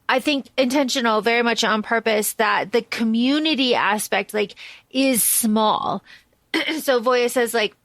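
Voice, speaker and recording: A woman talks through a novel with her co-host in a loose, chatty way, her voice sitting a little high. She restarts her sentences a lot and jumps into animated quotes. The sound is dry and close. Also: no room sound. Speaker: podcast co-host. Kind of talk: casual book discussion.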